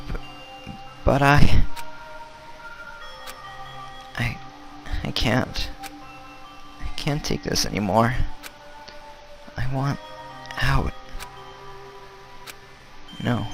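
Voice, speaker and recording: A man voicing an anxious teenage girl who craves donuts, speaking in a soft, halting voice. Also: mid-range voice, creaky, music in the background, pitched above the performer's own voice, rough recording. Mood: distressed.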